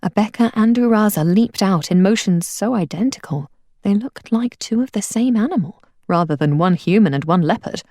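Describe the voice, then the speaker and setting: A woman reads a storybook aloud with lively, expressive rise and fall. Her voice sits in a middle range and sounds close to the mic, with a dry finish. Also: mid-range voice, moderate pace, no echo. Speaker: narrator. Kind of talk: audiobook reading.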